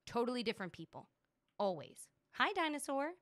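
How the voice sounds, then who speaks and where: A young woman streaming a video game live, chatting casually in a gushing, animated way, full of "like" and "dude". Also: a little high, brisk, dry recording, clean studio sound.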